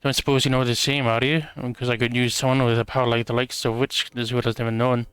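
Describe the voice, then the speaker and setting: A man's voice: mid-range voice, level tone, fast, fairly bright tone, clear, resonant tone, no echo, natural voice. A man voicing a brash, blunt dwarf hunter in a game, with a clumsy put-on accent. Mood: gruff.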